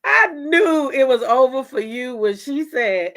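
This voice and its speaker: A woman's voice: high-pitched, unhurried, hardly any pauses. A woman host, telling a courtroom story in a casual, dramatic way with many asides to her viewers. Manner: animated, laughing, dramatic retelling with asides to viewers. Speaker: commentary channel host.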